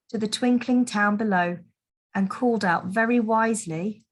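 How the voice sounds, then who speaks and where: A woman teacher reading a Christmas picture book aloud to children, in a gentle, expressive storytelling manner. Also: medium pitch, normal speed. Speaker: primary school teacher.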